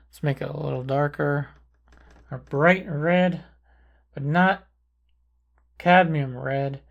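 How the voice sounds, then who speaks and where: Gravelly-voiced man teaching painting. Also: on the high side, muffled recording. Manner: calm, unhurried, thinking aloud while painting. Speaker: painting instructor. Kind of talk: relaxed painting tutorial narration.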